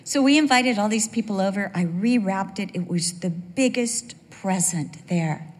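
An older woman preaching a sermon and telling a personal story in an animated way, acting out the voices of the people in it. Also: medium pitch, measured pace. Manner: animated storyteller who acts out quoted voices. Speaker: speaker at a church gathering. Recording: reverberant hall.

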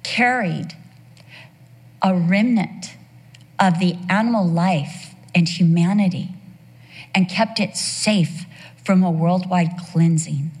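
A woman giving an emphatic, expressive Bible teaching to women, with lively storytelling. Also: fairly low pitch, slow, long pauses, breathy edge, in a large hall.

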